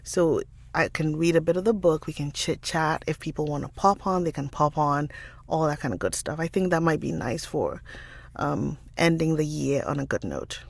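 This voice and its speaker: A woman's voice: sits low, normal speed, vocal fry, no echo. A woman hosting a casual livestream who chats and greets her viewers by name, speaking into a studio mic. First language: not an American English speaker. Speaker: livestream host and audiobook narrator. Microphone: studio side-address mic.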